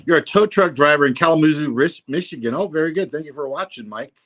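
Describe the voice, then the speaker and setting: Guy rambling on his livestream, swears a lot, kinda high voice. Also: expressive, fast, a bit bright. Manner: rambling, profane, lots of "you know, man". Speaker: livestream host. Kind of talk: casual livestream chat.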